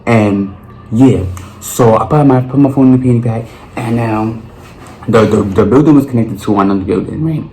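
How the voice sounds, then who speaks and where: A young man tells a story to camera in an animated, profane way, full of slang. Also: mid-range voice, fairly quick. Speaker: vlogger. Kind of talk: storytime monologue. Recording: roomy with faint noise.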